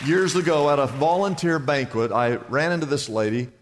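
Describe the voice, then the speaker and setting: A man preaches from the pulpit in a bright, high voice, his words hanging in a long church reverb. He builds rising lists and climbs to shouted peaks as a pastor driving his sermon home. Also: normal speed, a crowd in the background, background noise. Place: large church sanctuary.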